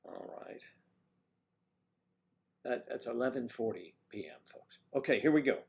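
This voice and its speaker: A man runs a casual livestream, rambling as he reads the chat and greets viewers by name. His mid-range voice is expressive, creaky and darkish, and he doesn't rush.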